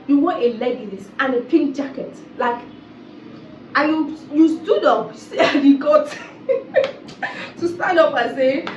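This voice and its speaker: High-voiced woman, roomy and distant. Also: unhurried, a little hiss or hum. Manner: animated, exasperated, repeats phrases. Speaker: reality TV commentator. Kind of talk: casual commentary vlog. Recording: roomy, distant, dull sound.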